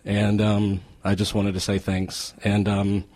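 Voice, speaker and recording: A man who plays in a band, a guest on a radio show in the station studio, talking in a halting way full of fillers. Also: lowish voice, completely flat delivery, a little mellow. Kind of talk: casual radio chat.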